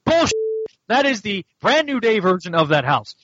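A man casually reviewing a comic book on a podcast, animated and mocking as he recaps the plot. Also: high voice, dull audio, background noise. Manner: animated, mocking, does quick voices for characters. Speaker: podcast host.

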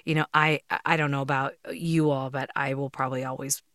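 A woman's voice: rumbling low, flat delivery, fairly quick, fairly bright tone, dry recording, clean studio sound. A woman hosting a podcast interview, heartfelt and tearful as she praises her guest. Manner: emotional, tearful while reading aloud. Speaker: podcast host.

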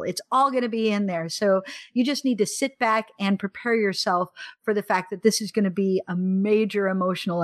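A woman in a relaxed conversation about films, chatting at an average pitch. She tells the story with enthusiasm and acts out lines in little voices. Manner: enthusiastic, animated storytelling with acted-out quotes. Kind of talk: casual chat about films.

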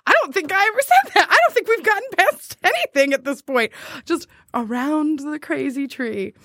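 Woman, casual storyteller, giggly, lively swoopy pitch, dry recording. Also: moderate pace, no echo. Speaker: podcast host. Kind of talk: casual chat, reading dating messages aloud.

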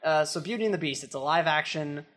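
A young man chatting casually about movies, quick and chatty with fillers. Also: fairly high pitch, a bit bright.

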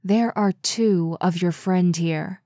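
Brief: woman playing a gruff, bossy man, low and unhurried, dry close read. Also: mellow, no room sound. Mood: impatient. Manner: curt, scornful, demanding. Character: impatient gruff commanding man.

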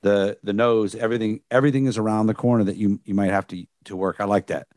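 Man, former police dog handler, reflective and rambling, low pitch, dry. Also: fairly even intonation, quick pace, a little mellow, no room sound. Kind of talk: casual podcast chat.

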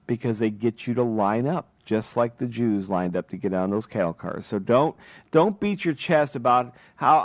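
A man's voice: mid-range voice, expressive, normal speed, no room sound. Impassioned male talk radio host. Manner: impassioned, rhetorical questions, lecturing. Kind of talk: political radio monologue.

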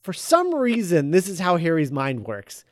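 Man, casual podcast chat, slightly high voice, dry close mic, rambling recap delivery. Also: normal speed, no room sound. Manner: rambling with many fillers, quoting characters in a flat relaying voice. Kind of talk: casual chat, retelling a script.

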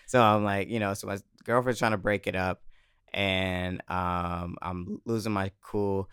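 A man telling a personal story in casual chat, animated, swearing and laughing often, on a close mic. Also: low-pitched, a little slow, smooth, dry recording.

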